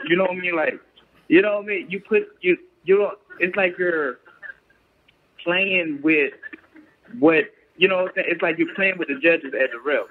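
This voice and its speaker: This guest, a professional boxer, speaks briskly in a fairly high voice with a breathy edge. His casual chat is earnest, and he repeatedly asks "you get what I'm saying" to make sure he's understood, all over a tinny phone-line call.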